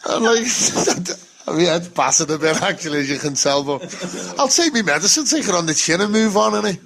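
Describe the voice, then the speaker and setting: A Scouse man with a high voice chats in loose, sweary banter, laughing through his words. He sounds casual and self-mocking. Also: very animated, a little fast, gravelly, a bit bright. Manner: sweary, laughs a lot while talking.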